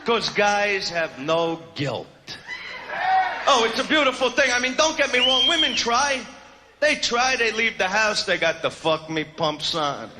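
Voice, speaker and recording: A man doing a stand-up comedy routine, with a brash, swaggering and crude delivery and shouted punchlines. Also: high voice, lively intonation, measured pace. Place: comedy stage before a live audience. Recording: live club show with loud crowd laughter. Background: crowd laughing and noise.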